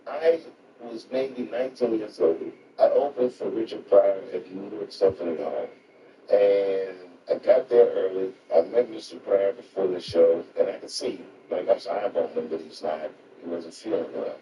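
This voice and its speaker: A male comedian telling a reflective anecdote in a measured storytelling manner. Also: sits low. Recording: roomy distant noisy recording.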